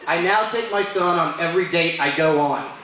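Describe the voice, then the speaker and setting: Performing stand-up on a bar stage, a man with a fairly high voice tells jokey stories about his kids at a normal pace, doing funny voices for them. The room is very echoey, with crowd ambience and background noise throughout.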